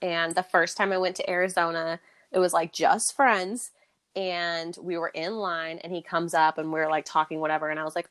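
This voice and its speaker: A woman's voice: fairly low pitch, flat delivery, a little fast, a bit bright. A young woman hosting a podcast, telling a story in casual chat and acting out the quotes with big jumps in voice and laughter. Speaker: podcast host.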